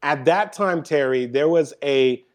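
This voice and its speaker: A man's voice: a little high, measured pace. A man, a guest speaker, telling a personal story on a podcast interview and acting out the voices in it. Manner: animated storyteller, acts out quotes.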